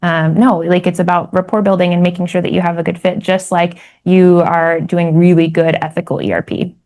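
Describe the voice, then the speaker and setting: A woman's voice: on the low side, level tone, a little fast, a little mellow. A woman co-presenting a webinar who talks earnestly and agrees often with the other speaker. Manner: earnest, backs up the other speaker with frequent "mm-hmm". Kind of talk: conversational webinar talk.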